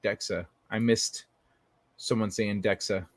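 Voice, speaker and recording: A man's voice: lowish voice, fairly even intonation, a little slow, dry recording. Profane, rambling male livestream host. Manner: loose, profane, rambling with many restarts. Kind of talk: casual chat reading viewer messages.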